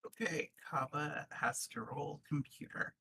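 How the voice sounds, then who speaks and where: Bright-voiced tabletop game master. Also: mid-range voice, a little slow, gravelly, breathy edge, dry recording, poor audio.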